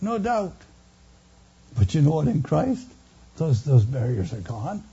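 Older male pastor with a dark, husky voice. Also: fairly high pitch, very animated, measured pace, highs cut off. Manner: earnest preaching, swells louder on key phrases then drops quiet. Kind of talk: sermon.

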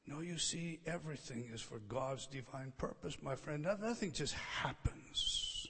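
A man preaching in a church sanctuary, his voice sitting a little high for a man. He hammers home his points by repeating short phrases, then drops to a near hush. A long reverb trails each line through the large hall. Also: animated, unhurried, husky. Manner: emphatic, repeats key phrases, swings from loud to hushed. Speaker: pastor. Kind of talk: expository sermon.

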